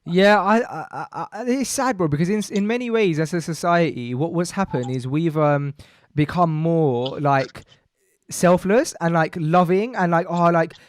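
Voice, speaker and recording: A young man telling a story in casual podcast chat, animated and slangy, acting out the people he quotes. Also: a little high, normal speed. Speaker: podcast co-host.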